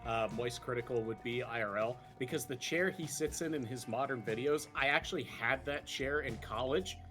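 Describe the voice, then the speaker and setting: A man's voice: medium pitch, moderate pace, a bit bright, faint music behind. A young man hosting a live stream, chatting casually and animatedly, swearing and laughing often. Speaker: streamer host.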